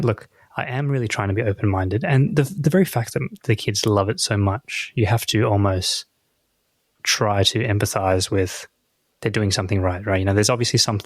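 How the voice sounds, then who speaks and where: A man's voice: lowish voice, no echo. A middle-aged man co-hosting a podcast in casual chat, telling anecdotes bluntly and swearing freely. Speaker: podcast co-host.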